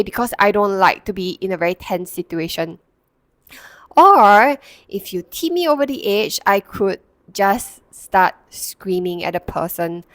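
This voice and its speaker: A woman's voice: mid-range voice, dry recording. A woman, a counsellor and Reiki practitioner, telling a personal story to the camera in a reflective way, with many fillers and restarts.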